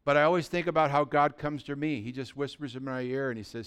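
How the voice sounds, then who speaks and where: A man preaching a conversational sermon as pastor, dropping to a soft, quiet voice when acting out gentle words. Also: medium pitch, steady tone, quick pace, few pauses, clean tone. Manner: conversational preaching, drops to a soft voice for imagined dialogue.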